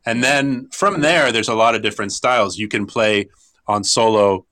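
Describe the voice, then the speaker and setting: A middle-aged man with a bright, forward voice gives explanatory interview answers as a guitar teacher. He talks thoughtfully, often stopping and restarting his sentences. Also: on the low side. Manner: thoughtful, halting, with frequent restarts.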